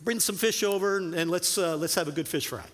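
A loud, chummy, upbeat man, as a preacher puts him on in a sermon story, calling out in a raised, bright voice. The sound carries a long hall reverb. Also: sits high, fairly quick. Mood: cheerful, chummy. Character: friendly, casual man calling from the shore.

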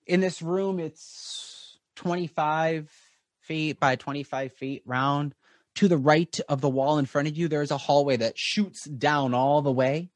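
A man narrating as game master of a tabletop game, rambling with many pauses. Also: on the high side, fairly even intonation, no echo.

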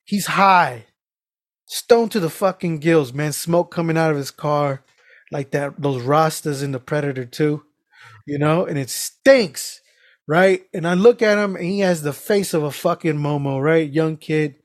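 A man on a casual podcast, telling animated stories with lots of swearing and laughter. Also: a little high, unhurried, no echo, studio quality. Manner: animated storytelling, heavy swearing, frequent laughs. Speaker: podcast co-host.

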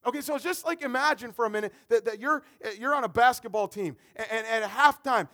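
A man preaching a conversational, animated sermon as a pastor, often repeating words as he builds a point. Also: very high-pitched, fast talker, hardly any pauses.

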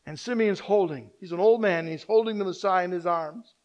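A male pastor preaching a sermon, swinging from loud emphatic lines to quiet asides. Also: sits high, fast, highs cut off.

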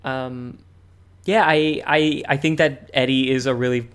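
A man's voice: mid-range voice, steady tone, a little slow, a bit bright, clear, resonant tone. A man co-hosting a podcast, chatting casually about a cartoon, rambling with many fillers and restarts. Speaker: podcast co-host. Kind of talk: casual chat analyzing a cartoon.

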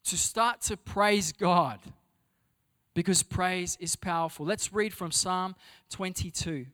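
A man preaches to his church in a voice pitched a little above the usual. He stumbles and repeats words between points, then climbs to loud, stressed readings. Sermon delivery. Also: takes it slowly. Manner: repeats words while searching, builds to loud emphatic reading. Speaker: pastor. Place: church hall before a congregation.

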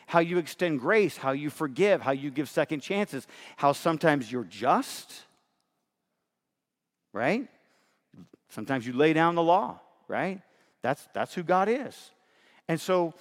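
A middle-aged man preaching a sermon as pastor, earnest and emphatic, often checking in with his listeners. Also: on the high side. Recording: long hall reverb.

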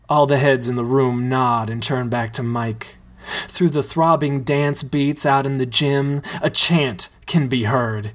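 A man reads a comedic story aloud in a slow, deadpan manner. His voice sits at a middling pitch, and his delivery is unhurried. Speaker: story reader.

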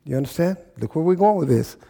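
A man's voice: on the high side, lively intonation, fast, gravelly, mellow. A pastor preaching a sermon, emphatic, repeating phrases and checking in with his listeners.

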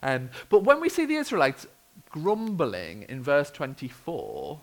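Lively, gravelly British preacher. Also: male voice, fairly high pitch, measured pace, low-quality recording. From United Kingdom. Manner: expressive storytelling with wry humour. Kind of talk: sermon.

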